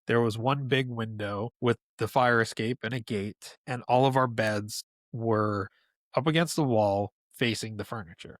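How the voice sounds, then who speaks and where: Casual NY guy in his thirties, lively storyteller, dry close sound. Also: medium pitch, normal speed, no echo. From New York, USA. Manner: animated storyteller, laughs often. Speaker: podcast guest.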